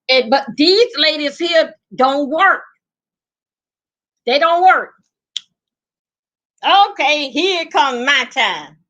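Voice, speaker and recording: A middle-aged woman telling a comic personal story in a loud, salty, emphatic way, repeating phrases for effect. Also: high voice.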